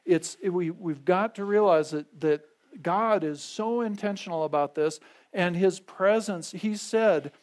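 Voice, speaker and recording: A man's voice: fairly high pitch, normal speed, a little mellow. A man teaching a Bible study sermon in a conversational way, repeating key phrases and checking in with the congregation.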